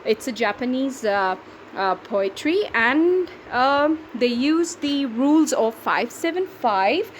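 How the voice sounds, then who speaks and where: Pakistani english teacher lady, patient step-by-step explaining, slightly high voice, faint hiss behind. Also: expressive, poor audio. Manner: patient, explains step by step, counts syllables aloud slowly. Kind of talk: classroom lesson explaining poetry.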